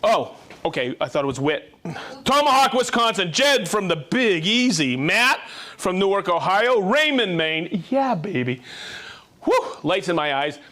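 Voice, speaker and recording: Brief: male live-stream host, high-pitched, upbeat and jokey, rattles off viewer shout-outs. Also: very animated. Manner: upbeat, quick, jokey, greets viewers by name and town.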